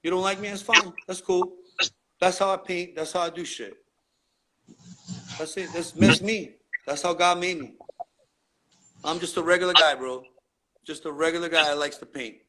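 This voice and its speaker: A man's voice: fairly high pitch, fairly even intonation, moderate pace, long pauses. Laid-back man with street slang. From New York. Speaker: graffiti writer being interviewed. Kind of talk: casual interview storytelling. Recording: loud background noise.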